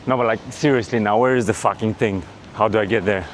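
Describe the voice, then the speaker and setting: A man's voice: on the low side, fast talker, a little hiss or hum. Rambling man vlogging on a city walk. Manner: rambling, joking, swears casually. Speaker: travel vlogger. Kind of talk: casual walking vlog commentary. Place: outdoors on city streets.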